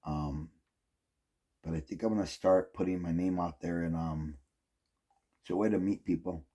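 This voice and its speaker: Man, middle-aged, deep voice, husky, casual rambling, profane. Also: steady tone, moderate pace, warm tone. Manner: rambling, heavy use of "like" and "um", profane. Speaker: vlogger.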